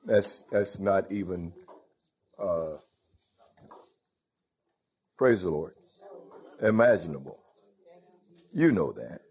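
Husky-voiced preacher man calling out praise. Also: sits low, lively intonation, slow, long pauses, a little mellow. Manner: peppers talk with "Hallelujah", "Thank you, Lord" and "Huh?"; calls out to the congregation directly. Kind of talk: sermon.

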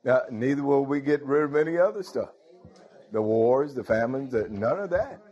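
On lo-fi sound, a preacher speaks expressively at a moderate pace, his medium-pitched voice darkish in tone. Calling out to the congregation directly with questions, he punctuates the sermon with "Hallelujah" and "Thank you, Lord."

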